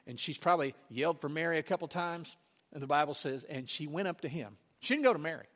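A male preacher with a high, bright voice, retelling a story with lively, emphatic swings. His voice rings with a long reverb from the hall. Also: fast. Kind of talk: sermon.

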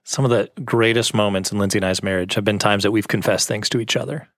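A man's voice: fairly low pitch, fairly even intonation, fast talker, no room sound, studio quality. A young adult man hosting a casual faith conversation, earnest and affirming. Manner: earnest, affirming, tells stories with acted quotes.

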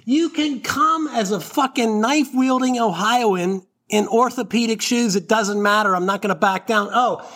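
A man with a notably high-pitched voice hosts his own comedy podcast alone. He talks in a swaggering, mock-indignant way, swearing freely and puffing himself up as he rants. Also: moderate pace, few pauses, fairly bright tone. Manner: mock-indignant, profane, boastful. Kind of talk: solo comedy podcast rant.

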